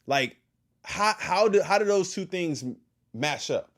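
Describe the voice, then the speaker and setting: Male streamer, higher-pitched, exasperated reaction commentary. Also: lively intonation, measured pace, fairly bright tone. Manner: exasperated, questioning, repeats himself. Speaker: host reacting to a video.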